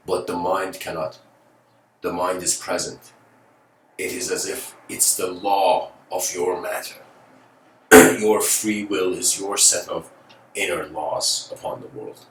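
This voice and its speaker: A man's voice: deep voice, slow, a bit bright. A man giving a philosophical lecture, telling a story in a casual, rambling way with many fillers like "you know.". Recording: roomy, distant mic, faint noise.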